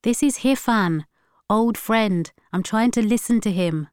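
A woman's voice: a little high, measured pace, a little mellow, smooth, no echo, studio quality, pitched above the performer's own voice, natural voice. A woman reading as a brash teenage gang-leader boy, storybook. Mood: dismissive. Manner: brash, dismissive.

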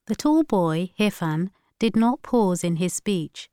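A woman reads a story aloud in a steady, measured way. Her voice is smooth and crisp, recorded close on a studio mic with a dry, dead sound. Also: mid-range voice, no room sound. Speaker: narrator. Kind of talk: scripted narration.

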